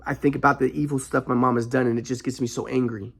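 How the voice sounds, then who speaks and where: Brief: gravelly, husky-voiced man, rambling vlog talk, stop-start. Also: mid-range voice, steady tone. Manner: rambling, halting, frequent restarts; flares into anger. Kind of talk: casual monologue vlog.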